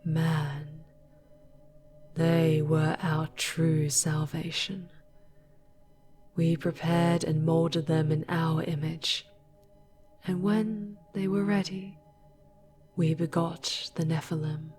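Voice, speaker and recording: A grave, sorrowful fallen angel, put on by a woman in a whispered role-play, hushed and half-whispered. The voice sits low and moves with slow, solemn weight. Music plays underneath the storybook telling. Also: little pitch movement. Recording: music playing behind.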